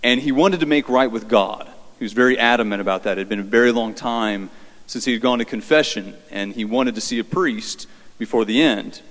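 A man, a Catholic priest, giving a conversational homily with halting fillers and repeats, in a church with long reverb. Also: medium pitch, a bit bright. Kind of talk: homily storytelling.

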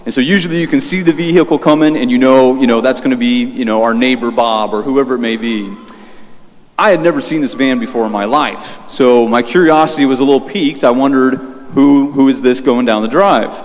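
A man's voice: medium pitch, a little fast, long reverb tail. A young man, a Catholic priest, preaching a sermon in a conversational way, telling a personal story with fillers and restarts.

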